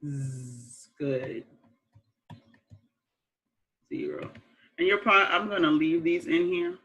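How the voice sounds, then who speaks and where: A woman teaching young children a phonics lesson, slow and patient, repeating words and praising them. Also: fairly low pitch, a bit bright, poor audio. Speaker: kindergarten teacher.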